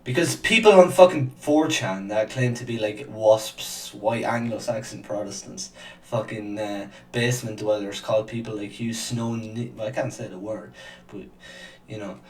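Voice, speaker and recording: A man's voice: fairly low pitch, moderate pace, roomy sound, distant mic, faint music behind, rough recording. Sweary man ranting from afar. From Ireland. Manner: angry, sweary, rambling with many fillers. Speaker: reaction video host. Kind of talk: profane ranting commentary.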